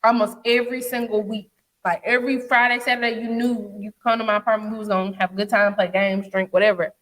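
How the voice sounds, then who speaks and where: A woman's voice: mid-range voice, fast, big-room sound, a little hiss or hum. A young woman, co-hosting a podcast in casual chat, blunt and profane as she rants. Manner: blunt, profane, animated ranting. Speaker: podcast co-host.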